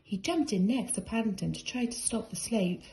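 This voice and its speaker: A woman reading a children's storybook aloud in a brisk, expressive way. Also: mid-range voice, rough recording. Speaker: reader.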